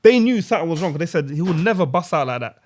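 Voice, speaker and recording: A young man tells a personal story on a podcast. He talks quickly in a fairly high voice, full of slang, and acts out what people said. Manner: animated storytelling with London slang, acting out quotes. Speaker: podcast co-host. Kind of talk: casual chat, personal story.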